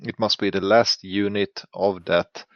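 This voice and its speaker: A fairly low-voiced man talks through game rules on a casual podcast. He is hesitant and full of fillers. His sound is dry and a bit dull and lo-fi. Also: fairly even intonation, unhurried, no echo. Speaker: podcast co-host or guest.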